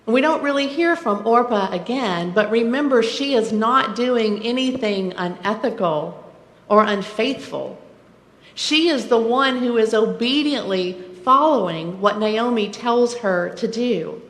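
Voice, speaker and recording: A woman's voice: fairly high pitch, measured pace. A woman pastor preaching a sermon in a reflective manner, often posing questions to the congregation. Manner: reflective, asks rhetorical questions. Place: church sanctuary. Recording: echoey church sanctuary.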